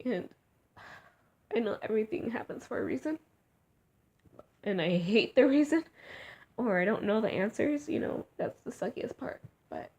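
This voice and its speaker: A young woman talking in a personal vlog, emotional and halting, often trailing off into near-whispers. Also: a little high, creaky, a little mellow, husky. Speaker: vlogger.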